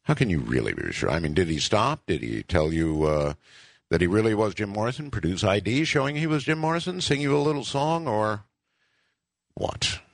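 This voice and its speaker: A male radio host from Nevada taking calls, musing wryly and dropping quick interjections. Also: on the low side, very animated, vocal fry, dry recording, clean studio sound. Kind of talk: call-in radio talk.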